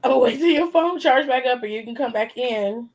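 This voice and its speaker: High-voiced teasing woman host. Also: moderate pace, poor audio. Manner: teasing, laughing, blunt slang. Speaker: host of a live Q&A. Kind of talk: casual group chat.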